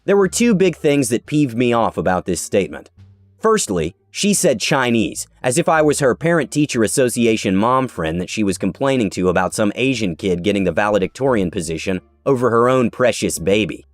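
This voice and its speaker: A man narrating an online story in a scripted, sarcastic and animated way. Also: on the low side, moderate pace, no echo. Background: faint background music.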